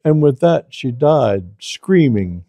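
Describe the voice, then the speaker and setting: A man hosting a channel, telling stories in a slow, deliberate way and repeating phrases for emphasis. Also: mid-range voice, very animated, warm tone, dry recording. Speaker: storyteller host. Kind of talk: casual spoken storytelling.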